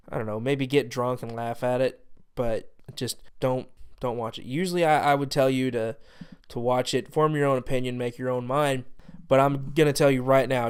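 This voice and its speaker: A man's voice: medium pitch, clear, resonant tone. A young man hosting a movie review show, talking casually in a sarcastic, exasperated rant about a bad film.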